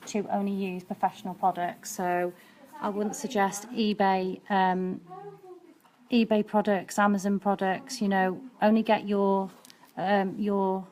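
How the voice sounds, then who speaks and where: A woman's voice: medium pitch, level tone, a little slow, darkish tone. A woman nail technician and educator giving a chatty, practical live-streamed nail art demonstration, with frequent ums as she works.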